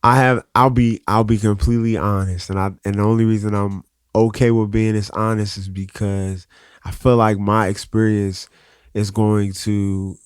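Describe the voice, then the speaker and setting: Male podcast guest, earnest and halting, dry close sound. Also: fairly low pitch, clean tone, no echo. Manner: earnest, open, halting restarts. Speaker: guest artist. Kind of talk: candid conversational interview.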